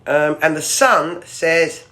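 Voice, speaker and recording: A woman with a British accent hosting a livestream, ranting with sarcasm and swearing through the morning's newspaper headlines in a loud, projecting voice. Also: low voice, takes it slowly. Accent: British English. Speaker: livestream host.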